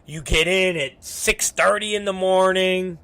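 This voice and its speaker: A man hosting a talk show, telling a story in a casual, profane, animated way. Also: sits high, a little slow, no room sound. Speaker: show host.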